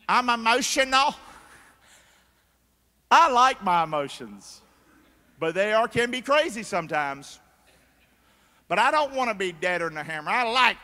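High, bright-voiced preacher in a big hall. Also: male voice. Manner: energetic, calls for crowd response; mocking voices for foolish people. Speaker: pastor. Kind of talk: sermon. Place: large church hall. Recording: long reverb of a big church hall.

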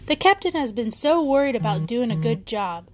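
A woman's voice: fairly high pitch, lively intonation, a little fast, darkish tone, lightly acted. A woman voicing an earnest palace guard.

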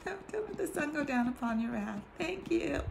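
A woman's voice: high voice, lively intonation, normal speed, gravelly, background noise, pitched above the performer's own voice. A woman quoting God as a patient, chiding voice. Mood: gently chiding. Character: gently scolding God as a patient fatherly voice.

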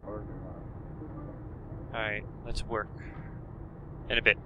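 A man doing let's-play commentary, talking to himself in a frantic way and bursting out loudly. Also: mid-range voice, animated, slow, long pauses, crowd noise, rough recording. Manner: frantic self-talk with loud outbursts. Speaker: gaming commentator.

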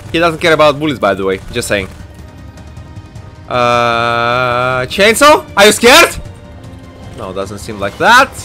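A young adult man giving excitable, jumpy let's-play commentary full of shouts and exclamations. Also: on the high side. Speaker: gaming YouTuber.

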